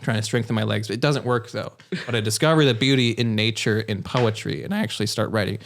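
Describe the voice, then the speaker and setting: A man's voice: on the low side, fast talker, creaky, slight background noise. A man as a podcast guest, telling a long silly story in a rambling way with many restarts. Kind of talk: casual chat.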